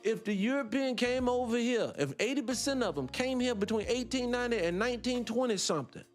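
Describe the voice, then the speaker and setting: A male morning-show host delivers a heated livestream monologue in a high voice. He drifts off on tangents, laughs to himself, then snaps back with question after question for his listeners. Faint music plays in the background. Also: animated, brisk. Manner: impassioned, fires rhetorical questions at listeners; digresses, laughs between points.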